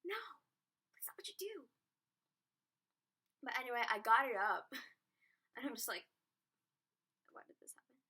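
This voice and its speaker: A woman's voice: fairly high pitch, very animated, a little slow, long pauses, bright, forceful tone, husky. A teenage girl telling a rambling, giggly story to camera, full of "like" and little asides. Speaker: vlogger. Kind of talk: casual storytime chat.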